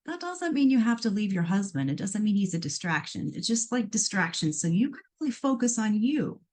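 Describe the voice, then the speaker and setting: A middle-aged woman from Iowa hosting a live call-in show as a psychic medium. She reads out listener questions and answers them in a chatty, animated way, full of playful asides. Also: medium pitch, brisk.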